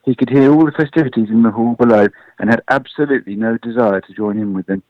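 A man's voice: medium pitch, quick pace, no echo, phone-quality sound. Man reading a storybook expressively.

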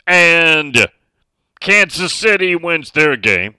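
A male talk radio host with a slightly higher voice that rises and falls a lot as he chats. He talks at an easy, unhurried pace into a studio mic, reading listener messages in a sharp, bright tone. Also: sing-song, smooth, dry recording, low-quality recording. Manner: chatty, reads out listener messages. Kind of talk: casual sports talk radio.

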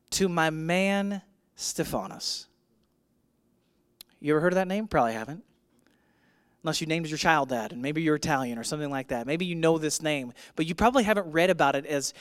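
A male pastor preaching a sermon. He swings between loud, emphatic declarations and hushed, intimate lines, and calls out to his congregation. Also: fairly high pitch, no echo, clean studio sound. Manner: addresses the congregation directly with call-and-response prompts. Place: church.

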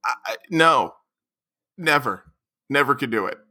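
A man co-hosting a podcast in casual chat, animated and excitable, acting out what others say. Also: mid-range voice, measured pace. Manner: animated, excitable, laughs often, acts out quotes loudly. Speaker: podcast co-host.

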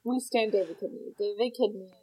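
A woman's voice: medium pitch, brisk, husky, low-quality recording. A woman guest on a movie podcast, chatting casually and animatedly quoting characters. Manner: animated, quotes characters in voices. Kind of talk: casual chat.

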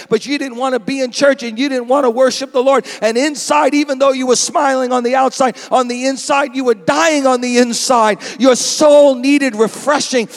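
A man preaching a sermon as pastor, dramatic and animated, now and then acting out a bleating sheep. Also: very high voice, vocal fry, big-room sound. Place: church sanctuary.

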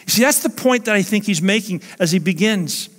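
Man, pastor, high voice, emphatic sermon, long church reverb. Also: expressive, a little fast, fairly bright tone. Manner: earnest, emphatic preaching with repeated phrases.

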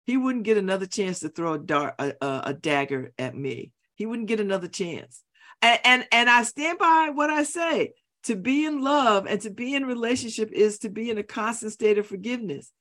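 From a radio studio, a middle-aged host speaks in a slightly high, expressive voice with a fairly bright tone and a moderate pace. She gives an opinionated monologue, preachy and emphatic, restating her points to stress them.

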